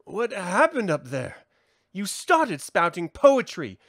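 A man's voice: high-pitched, huge pitch swings, slow pace, a bit bright, no echo, studio quality, exaggerated voice. A man doing an eager young hero. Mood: earnest.

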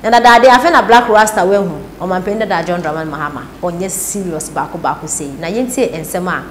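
A woman's voice: fairly low pitch, quick pace. Dismissive Ghanaian woman, faint noise. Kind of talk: news commentary.

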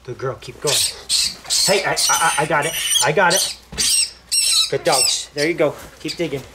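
A man hosting a video outdoors on a farm, casually directing people and praising his dogs in short, bossy bursts. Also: fairly high pitch. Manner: bossy, gives quick directions. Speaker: host, pest control dog handler. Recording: outdoor noise behind the voice.

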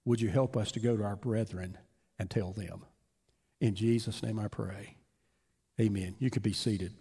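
A man's voice: fairly low pitch, steady tone, normal speed, dark tone, breathy edge. A man pastor reading scripture and preaching a sermon in a church, earnest and emphatic. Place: church sanctuary. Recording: long hall reverb.

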